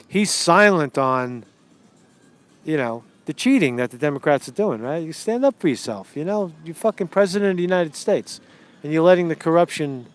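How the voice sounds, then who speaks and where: A man giving casual political commentary on a live stream while walking outdoors on a city street, ranting and profane, rambling through many restarts and a little winded. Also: fairly high pitch. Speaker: political vlogger.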